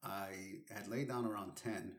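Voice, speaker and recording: A man's voice: on the low side, moderate pace. A man co-hosting a casual chat, teasing his partner with dry humor and frequent laughter.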